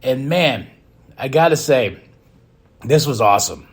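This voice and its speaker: A man hosting a podcast, giving a casual, excitable and rambling recap of a wrestling show, often breaking into laughs. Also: mid-range voice, a little slow, breathy edge. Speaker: podcast host.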